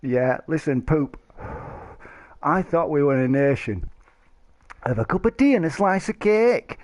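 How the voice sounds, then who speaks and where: A middle-aged man, chatting on a live stream. His voice sits a little high and swings up and down a lot as he rambles, jokes and laughs. The sound is dry and close. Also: animated, a little slow, long pauses, no echo. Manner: rambling, jokey, laughs often. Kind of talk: casual chat to stream viewers.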